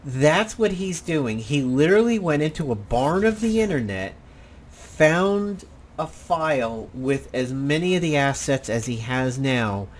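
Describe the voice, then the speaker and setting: A man's voice: on the high side, animated, a little slow, a little hiss or hum. A man hosting casual gameplay commentary, rambling and blunt, with the odd swear. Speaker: gaming channel host.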